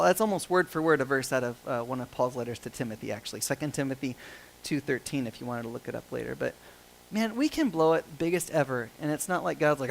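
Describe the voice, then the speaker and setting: A man's voice: medium pitch, gravelly, slight background noise, low-quality recording. A male pastor preaching a sermon in a conversational, joking and self-deprecating way.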